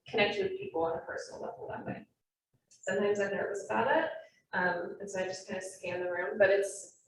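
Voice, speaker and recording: Young woman teaching a class, talks fast and chatty, faint hum behind, roomy echo. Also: medium pitch. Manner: quick, chatty, self-aware. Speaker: naturalist training presenter. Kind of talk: classroom presentation to trainees. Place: meeting room with live and online audience. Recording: echoey room, mic far off, faint noise.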